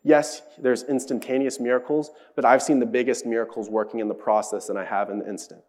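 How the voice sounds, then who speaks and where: A young man delivers a sermon in a loose, conversational tone, earnest throughout. His voice sits in a middle pitch. He slips into quoted voices as he retells the story. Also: little pitch movement, a little fast, a little mellow. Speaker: preacher.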